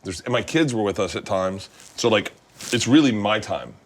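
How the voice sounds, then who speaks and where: A man's voice: lowish voice, expressive, moderate pace. A man in his fifties hosting a cooking talk show, chatting casually while he cooks, rambling through stories with lots of swearing and frequent laughter. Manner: profane, rambling storyteller, laughs often.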